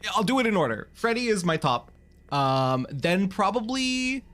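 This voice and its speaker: A woman streaming games live, chatting to her viewers in a giggly, excitable way. Her pitch swings widely as she reacts, and faint game music plays underneath. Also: normal speed. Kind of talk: casual live-stream commentary.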